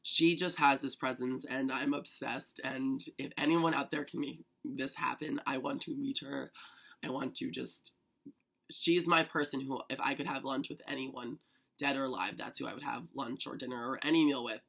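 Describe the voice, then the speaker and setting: A young man telling a story to camera in a chatty, excitable vlog manner, full of "like". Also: mid-range voice, normal speed, creaky. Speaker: vlogger.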